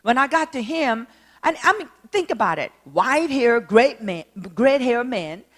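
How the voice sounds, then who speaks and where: A woman minister with a Korean accent, telling a story in a sermon, halting with many fillers but animated. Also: fairly high pitch. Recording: long reverb hall.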